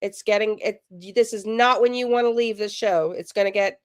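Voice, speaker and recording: A woman's voice: mid-range voice, normal speed. A woman hosting a live true crime stream, chatting straight to her viewers. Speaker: true crime channel host.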